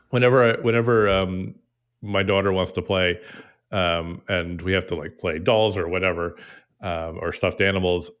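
Male podcast host, lowish voice, rambling and casual, heavy on the ums. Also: steady tone, a little slow, long pauses. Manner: rambling, many fillers. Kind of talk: casual chat.

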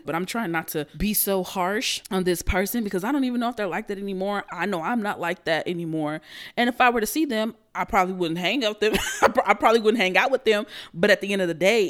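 A young woman telling a personal story in a casual monologue, animated and blunt, cussing and laughing as she goes. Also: medium pitch.

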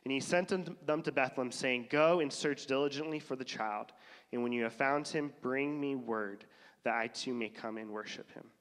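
A man's voice: medium pitch, normal speed, a bit bright, long reverb tail. A man with a cough preaching a casual, conversational sermon, acting out the voices of the people in his stories. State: has a cough.

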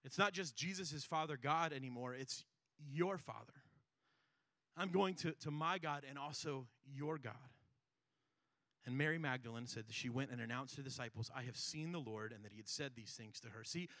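Pastor, male, bright and tense delivery, emphatic and earnest, dry studio sound. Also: mid-range voice, moderate pace, no room sound. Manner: earnest, emphatic preaching with rhetorical questions. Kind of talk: sermon.

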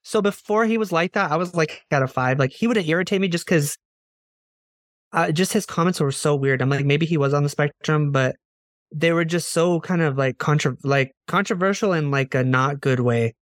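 Animated, swearing man telling stories. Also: a little high, moderate pace, no room sound, clean studio sound. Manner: animated storyteller, swears, acts out quoted lines. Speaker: podcast co-host. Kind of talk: casual chat.

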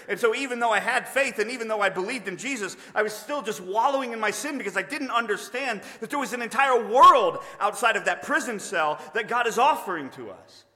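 A man's voice: high voice, expressive, a little fast, few pauses, pushed and bright. A man preaching a sermon, earnest and emphatic in a conversational way. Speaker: pastor. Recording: long reverb of a large hall.

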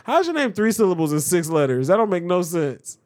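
A podcast co-host with a high, slightly mellow voice talks fairly quickly with big pitch swings, recorded cleanly on a podcast microphone with no room sound. He sounds casual and exasperated, laughing through his protests.

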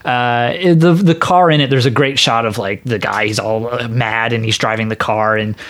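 A man's voice: mid-range voice, steady tone, normal speed, a bit bright. A man co-hosting a casual movie chat, rambling and enthusiastic. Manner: enthusiastic, rambling, puts on playful voices when quoting. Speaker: podcast co-host.

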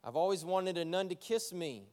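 A man's voice: high voice, animated, moderate pace, darkish tone. A man voicing a hesitant, apologetic young driver in a joke. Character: nervous young male ride-share driver. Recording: long church hall reverb.

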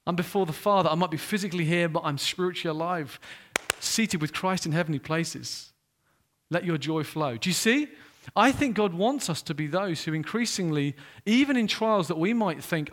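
Male preacher, high lively voice, dramatic shifts between soft quotes and loud exclaims. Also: normal speed. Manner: animated, swinging from hushed quoted asides to loud exclaiming. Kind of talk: sermon.

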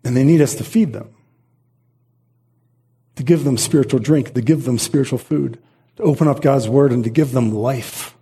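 A middle-aged man preaches with a mellow, dark tone and a slightly husky edge. He speaks earnestly and repeats his phrases for weight, often restarting mid-thought as he drives his points home. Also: medium pitch, moderate pace, pauses often. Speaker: pastor. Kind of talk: sermon.

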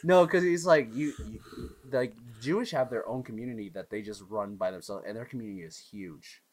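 A man from Houston co-hosting a podcast, chatting casually and telling animated stories with frequent laughs. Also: mid-range voice, brisk. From Houston, Texas. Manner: animated storyteller, laughs often. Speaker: podcast co-host. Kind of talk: casual chat.

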